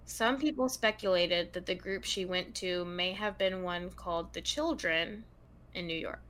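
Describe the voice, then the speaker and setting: A woman's voice: lowish voice, measured pace, fairly bright tone. A woman hosting a true crime podcast, telling the story and reading long passages aloud with chatty asides to her co-host.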